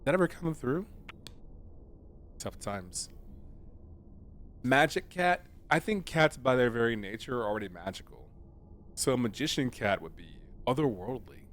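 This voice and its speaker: A man's voice: medium pitch, animated, measured pace, pauses often, a bit bright, a little hiss or hum. A man streaming a video game, chatting casually and joking in a rambling, playful way. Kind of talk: casual let's-play commentary.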